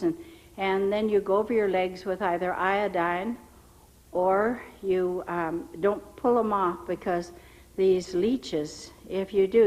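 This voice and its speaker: A woman's voice: medium pitch, darkish tone, poor audio. An older woman giving her personal testimony in a church, telling her story in a rambling way with many restarts and acting out the people she quotes.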